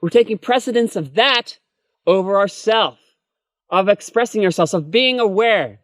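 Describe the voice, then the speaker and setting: A man's voice: high-pitched, normal speed, a bit bright, no echo. A man giving a spoken self-help lesson, earnest and repetitive, checking in with "okay?" and "right?" as he explains. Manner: earnest, repetitive, addresses viewers as folks, frequent "okay?" and "right?". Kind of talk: spoken personal-development lesson.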